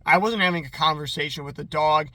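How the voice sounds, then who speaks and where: This man rambles through an episode recap in a loose, chatty way, leaning on "like" constantly. His voice is bright and slightly high. The sound is dry and close to the mic. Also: fast, dry recording. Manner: rambling and chatty, heavy use of "like". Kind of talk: casual commentary.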